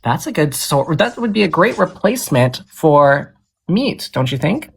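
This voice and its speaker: A woman's voice: deep voice, sing-song, unhurried, creaky, slightly rough. A woman hosting a casual live debate with callers, talking in an earnest, insistent, lecturing way. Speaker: livestream debate host.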